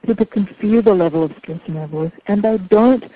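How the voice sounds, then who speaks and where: A woman's voice: medium pitch, a little fast. Woman, speaking coach, earnest teaching talk, acts out worried thoughts, phone-quality audio. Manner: earnest, expressive, acts out anxious inner voices. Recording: tinny phone-like line.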